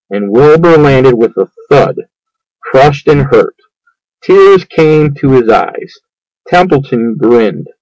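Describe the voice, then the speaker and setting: A man reading a children's book aloud, in an unhurried, measured way. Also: medium pitch, darkish tone, no room sound, rough recording. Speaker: storyteller.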